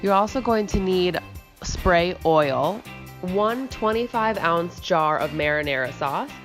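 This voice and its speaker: Upbeat, lower-voiced woman cooking host. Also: expressive, slow pace, soft background music. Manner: chatty and upbeat, with casual fillers. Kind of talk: casual cooking chat and recipe voice-over.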